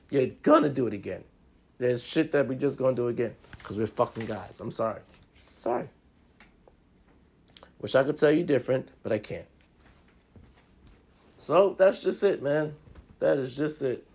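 A man's voice: medium pitch, expressive, normal speed, long pauses, husky. A man giving a profane, pleading comedic rant of relationship advice, preachy and repetitive.

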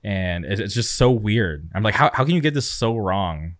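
A man's voice: fairly low pitch, expressive, moderate pace, no echo, clean studio sound. A young man from California co-hosting a podcast, chatting casually and enthusiastically, rambling with lots of fillers. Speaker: podcast co-host. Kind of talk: casual chat.

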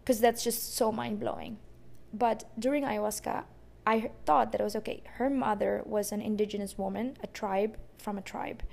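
A woman's voice: medium pitch, steady tone, normal speed, vocal fry, a little mellow. A woman podcast host telling a personal story in an emotional, rambling way, with many fillers and restarts.

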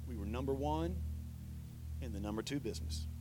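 A man in his thirties preaching a sermon, telling a family story with lively swings between loud and hushed delivery. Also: medium pitch, fairly quick, over music, rough recording. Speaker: pastor.

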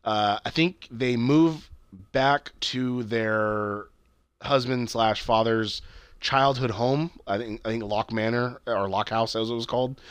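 A man's voice: medium pitch, steady tone, slow pace, clean tone, no room sound. Male co-host, loose rambling chat, heavy fillers and cursing, dry sound. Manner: rambling, swears a lot, many fillers and restarts. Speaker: podcast co-host. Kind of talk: casual chat recapping a TV show.

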